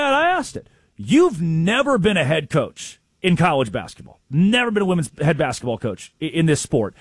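Animated husky-voiced sports talk man. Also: fairly high pitch, no echo. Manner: excitable storyteller, acts out quotes, exclaims. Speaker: sports show co-host.

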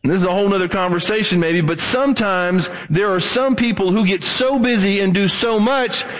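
A male pastor preaching a sermon, swinging his voice high and low and acting out the people he quotes. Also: brisk, big-room sound, poor audio.

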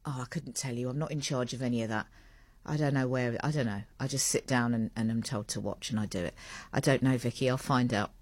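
A woman's voice: rumbling low, no room sound. A woman hosting a radio breakfast show, chatting in a rambling, self-mocking way.

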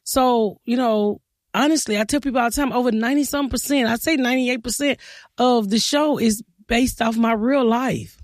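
A woman's voice: a little high, moderate pace, no echo, studio quality. A woman stand-up comedian speaking, telling blunt stories in an interview and acting out what she said. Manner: blunt, storytelling, quotes herself in animated bursts. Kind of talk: casual interview talk.

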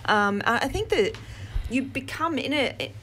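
A woman's voice: sits high, animated, measured pace, fairly bright tone, slight background noise. A woman with an Australian accent, a theatre director, talking eagerly as a guest in a radio interview. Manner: chatty and enthusiastic.

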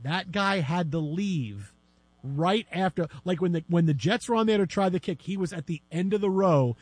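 Guy on sports radio, fairly high voice, dry studio sound, tells stories big. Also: normal speed, no room sound. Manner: animated storyteller, acts out shouting fans. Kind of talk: sports radio banter, storytelling. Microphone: studio microphone.

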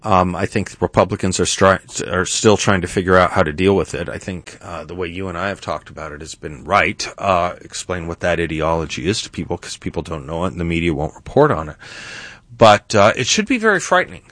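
A man co-hosting a political talk show, speaking in a deliberate, measured way and sometimes stumbling over words. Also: deep voice, animated, fairly bright tone, dry recording. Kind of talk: casual political discussion.

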